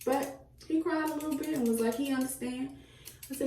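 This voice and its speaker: A woman's voice: sits high, fairly even intonation, brisk, mellow, slight background noise. Emphatic woman venting in echoey room. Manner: retells talks with her son, quoting him; emphatic, repeats phrases for stress. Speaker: vlogger, mother. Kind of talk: casual venting while cutting hair. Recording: echoey room, mic at a distance.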